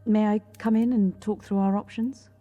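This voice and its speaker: A woman's voice: medium pitch, fairly even intonation, moderate pace, phone-quality sound, heavy background noise, lightly acted. A woman voicing a polite young woman looking for her father in a video game, courteous and formal.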